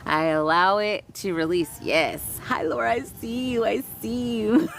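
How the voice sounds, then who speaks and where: A woman's voice: medium pitch, expressive, takes it slowly, gravelly, slight background noise. A woman leading a live-streamed energy healing session, who chants long strings of invented syllables and then talks loosely and frankly to her viewers, with some swearing. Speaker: spiritual healer.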